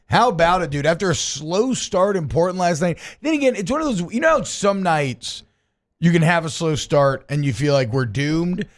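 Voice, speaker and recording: A man's voice: fairly high pitch, lively intonation, moderate pace. A man hosting a sports radio show in a studio, chatting casually with many restarts and jokes. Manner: rambling, jokey, many restarts.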